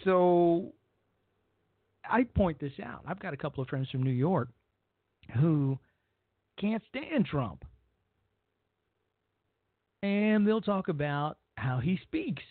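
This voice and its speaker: A man's voice: a little high, big pitch swings, slow, long pauses, no echo. A man hosting a talk radio show, giving a blunt, rambling opinion monologue and often repeating himself. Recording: dry, phone-like narrow sound.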